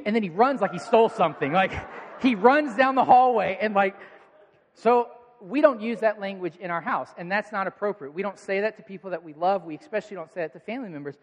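A man's voice: high voice, expressive, a little fast. A man in his thirties preaching a sermon, telling family stories in an earnest, conversational way. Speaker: pastor. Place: church auditorium with audience. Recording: long hall reverb.

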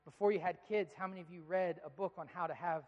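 A man's voice: high-pitched, fast talker, darkish tone, lo-fi sound. A man in his thirties preaching a sermon, telling stories conversationally and rising into emphatic pleas. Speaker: pastor. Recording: long hall reverb.

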